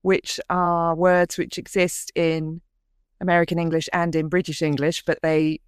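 A woman's voice: fairly low pitch, little pitch movement, a little slow, clean tone, no echo, studio quality. A woman hosting a casual chat, playfully quizzing her guest with lots of hesitant fillers.

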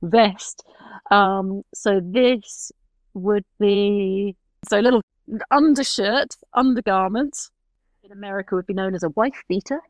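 A woman in easy conversation takes her time with every phrase and laughs at her own slips. Her voice sounds close and dry, with no room around it. She is quick to mock herself. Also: mid-range voice, no room sound, poor audio. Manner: laughs often, self-mocking. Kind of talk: casual chat.

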